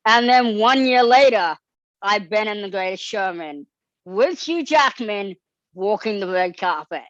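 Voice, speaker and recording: A male guest raised in Australia, telling stories in a casual interview, animated and giddy, acting out quoted lines. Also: high voice, measured pace, no room sound, lo-fi sound.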